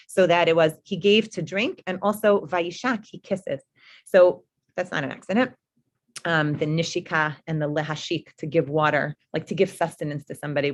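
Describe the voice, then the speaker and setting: Woman teaching a casual Torah class. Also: fairly low pitch. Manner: conversational, many "um" and "like" asides.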